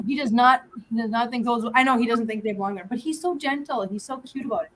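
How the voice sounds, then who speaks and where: A woman's voice: on the high side, fast talker, fairly bright tone, a little hiss or hum. A woman hosting a casual live stream, chatting and cooing baby talk at her cats with frequent laughs. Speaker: host.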